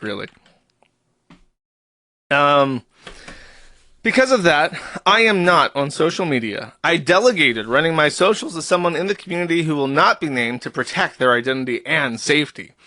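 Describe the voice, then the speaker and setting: Guy streaming from home, reading posts with heavy sarcasm and lots of swearing, bright voice, very dry sound. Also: on the high side, no echo. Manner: sarcastic, profane, reading posts aloud in a mock-serious tone. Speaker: streamer host. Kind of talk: mocking live-stream commentary.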